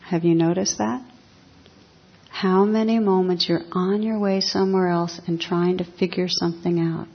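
A woman meditation teacher giving a dharma talk in a calm, reflective, unhurried way. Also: on the low side, slightly rough. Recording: dull lo-fi talk recording.

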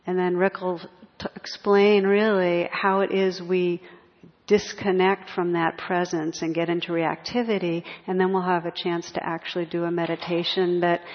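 Reflective woman teacher in an echoey hall. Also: fairly low pitch. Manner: reflective, soft, with restarts. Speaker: meditation teacher. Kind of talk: dharma talk to a retreat group. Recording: echoey hall, dull lo-fi sound.

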